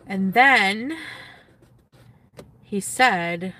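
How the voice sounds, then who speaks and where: A woman's voice: medium pitch, extremely slow, sharp tone. Rambling young woman, casual chat. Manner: rambling, full of "like" and trailing restarts. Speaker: social media influencer.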